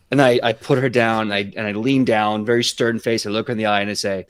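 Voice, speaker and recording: A man playing a tabletop game, narrating his character's actions in a relaxed, sometimes slow and halting way. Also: on the low side, clean tone, dry recording. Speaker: player.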